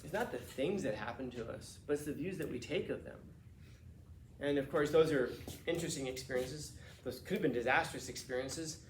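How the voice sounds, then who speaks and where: A man teaching a class, telling a casual, animated story with restarts and laughs. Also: mid-range voice, a little fast, reverberant, slight background noise.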